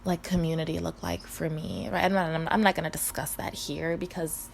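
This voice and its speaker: This is a stoned woman rambling through a casual storytime, swearing freely and losing her train of thought. Her voice sits low with a gravelly edge. Faint room ambience hums behind her. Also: fairly even intonation, a little fast, slight background noise. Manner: rambling, profane, self-interrupting, laughing often. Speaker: vlogger.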